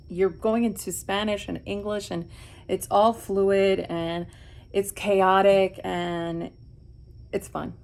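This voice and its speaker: A woman's voice: medium pitch, steady tone, slow, gravelly, darkish tone. A middle-aged woman from Miami chatting while doing her makeup, reflective and rambling with many restarts. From Miami, USA. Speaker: beauty vlogger. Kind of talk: chatty get-ready-with-me vlog.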